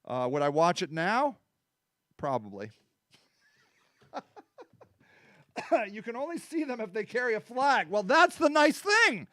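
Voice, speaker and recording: A man's voice: high-pitched, very animated, a little slow, pauses often, bright, forceful tone, dry recording, clean studio sound. A middle-aged man hosting a political talk show, chatting loosely, rambling and joking, answering viewers by name. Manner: rambling, joking, laughs often; talks back to viewer comments. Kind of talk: casual chat.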